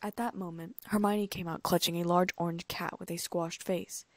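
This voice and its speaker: A woman narrating a first-person fan fiction audiobook in a lively, amused way, close to the mic. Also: on the low side, normal speed, no echo.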